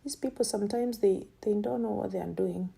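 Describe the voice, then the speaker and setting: A woman's voice: medium pitch, brisk, vocal fry, mellow. A woman vlogger giving casual running commentary, thinking aloud and often breaking into exclamations of delight.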